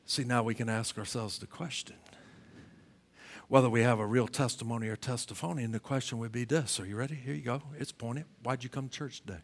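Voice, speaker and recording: In church, a male pastor with a mid-range voice preaches a sermon. He switches from loud, emphatic sections to slow, quiet questions and tends to repeat words as he opens a phrase.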